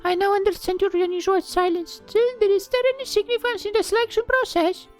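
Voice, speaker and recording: A woman's voice: very high voice, fairly even intonation, quick pace, faint music behind, voice pushed up. A woman voicing an anxious young princess who is turning into a fairy, speaking in an earnest, fretful, questioning way. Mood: curious.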